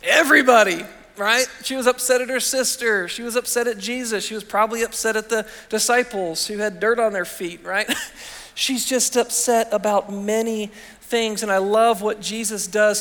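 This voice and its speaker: A man preaching in a church with a notably high-pitched voice. He talks to the congregation in a conversational way, asking rhetorical questions as he goes. His voice rings with a long reverb from the large hall. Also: fairly even intonation, normal speed, a bit bright. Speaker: pastor. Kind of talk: sermon. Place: church sanctuary.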